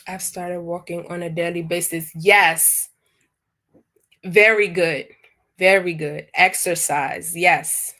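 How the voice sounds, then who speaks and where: A woman leads a live online wellness workshop at an unhurried pace. Her voice is bright and pressed. She is chatty and encouraging as she reads out what people type in the chat. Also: lowish voice, fairly even intonation.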